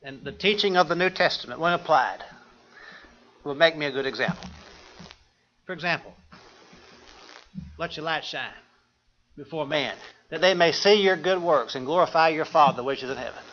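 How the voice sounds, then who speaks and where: A man's voice: fairly high pitch, a little fast, a bit bright, highs cut off, a little hiss or hum. A man preaching a sermon, quoting scripture and putting questions to the congregation.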